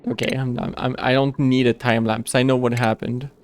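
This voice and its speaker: Streaming a game live, a man chats casually and rambles, halting often with restarts and fillers. He has a mid-range voice and a flat delivery.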